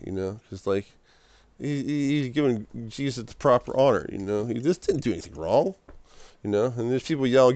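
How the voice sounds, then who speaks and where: Young man, mid-pitched, stammering emotional vlog monologue, dry close sound. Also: fairly quick, darkish tone, dry recording. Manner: stammering, repeats words, emotional. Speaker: vlogger. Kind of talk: rambling personal monologue. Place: small room, indoors.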